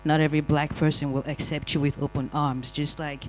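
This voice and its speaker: A panel speaker telling lively, wry personal stories in a discussion. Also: mid-range voice, a little fast, faint music behind, poor audio. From Nigeria. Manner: animated, wry storytelling with acted-out quotes. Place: community hall panel.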